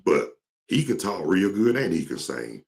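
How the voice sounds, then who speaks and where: A very deep man's voice with a gravelly edge. He talks in a casual, rambling way and tells stories, and his pitch swings widely as he goes. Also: sing-song, a little slow, a little mellow. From Georgia, US. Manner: rambling, storytelling, mimics singers. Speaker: talk show host. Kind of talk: casual solo talk.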